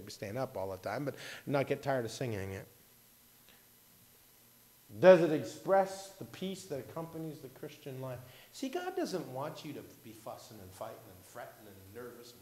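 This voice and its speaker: Rambling, self-mocking male pastor preaching. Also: medium pitch. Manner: rambling, self-mocking humor, loudness swinging from hushed to loud. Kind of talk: sermon. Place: church. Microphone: microphone.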